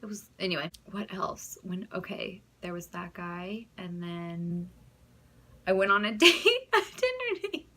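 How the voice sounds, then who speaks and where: A young woman with an American accent chats straight to the camera about her own experiences. Her voice is clear and bright. She laughs easily, breaks off mid-sentence and starts again, in a loose, talkative storytelling manner. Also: lowish voice, fairly even intonation, measured pace. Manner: chatty, giggly, trailing off and restarting. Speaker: vlogger.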